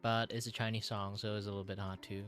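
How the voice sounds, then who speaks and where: A Malaysian man whose English accent sits between British and Malaysian. He chats casually with viewers while drawing on stream, excitable, laughing often and swearing now and then. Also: fairly low pitch, fast, soft background music. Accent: mixed British and Malaysian English. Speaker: art streamer.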